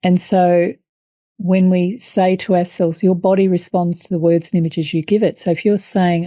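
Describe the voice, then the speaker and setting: A woman hosting a podcast interview, explaining calmly and affirming her guest. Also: lowish voice, normal speed, dry recording. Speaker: host and birth educator.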